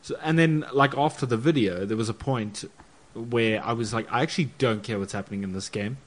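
A man's voice: mid-range voice, a little fast. A man co-hosting a podcast, chatting casually and poking fun at himself, with hesitant ums. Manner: sheepish, self-deprecating, hesitant with ums. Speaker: podcast co-host.

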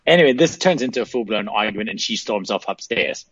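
A man calling in as a guest, telling a casual, animated story. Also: lowish voice, fast talker, breathy edge. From South Africa. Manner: animated, laughing anecdotes with acted-out quotes. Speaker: phone-in guest. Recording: dull phone line.

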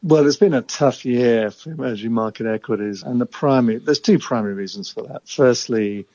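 A man who invests in emerging market equities, answering interview questions in a measured, analytical way. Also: medium pitch, warm tone, dry recording, dull audio.

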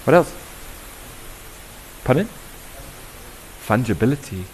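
A South African man facilitating a workshop, talking with an audience in a lively, conversational way and asking them questions. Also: medium pitch, slow, heavy background noise. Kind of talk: interactive talk to an audience.

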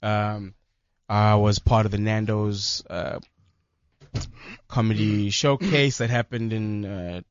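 A young man, a stand-up comedian, chatting casually on radio in a relaxed, rambling way with slang and fillers. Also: on the low side, takes it slowly, pauses often, clean tone, dry recording, dull audio. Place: radio studio. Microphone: studio microphone.

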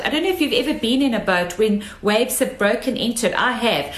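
Emphatic woman preaching in an echoey room. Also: on the high side. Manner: emphatic, repeats phrases for effect. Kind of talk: sermon.

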